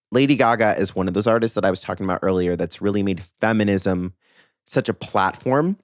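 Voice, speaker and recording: Deep-voiced man giving blunt pop opinions. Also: no room sound, studio quality. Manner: animated, opinionated, talks in bursts with fillers and emphatic asides. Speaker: podcast host. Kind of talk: opinionated pop culture commentary.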